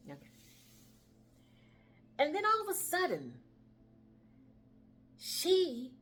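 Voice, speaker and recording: Slow, lively-pitched woman telling a story. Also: husky. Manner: expressive, acts out dialogue, drops to whispers. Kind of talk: dramatic spoken storytelling.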